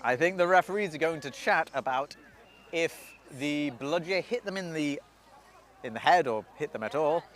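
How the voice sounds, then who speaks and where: Chatty high-voiced male sports commentator. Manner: self-deprecating, chatty, loses track of names. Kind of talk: solo live play-by-play commentary. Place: outdoors beside a sports pitch.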